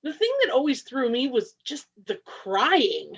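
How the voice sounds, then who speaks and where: A woman joining a casual group chat as a guest, expressive and acting out reactions as she talks. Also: high voice, a little slow, gravelly, breathy edge, lo-fi sound. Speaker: podcast guest.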